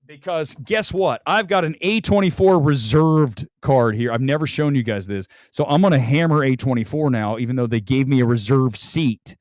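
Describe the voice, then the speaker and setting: A man's voice: medium pitch, normal speed, hardly any pauses, a little mellow, no room sound, studio quality. A man hosting a casual movie talk livestream, rambling animatedly and laughing often. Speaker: host.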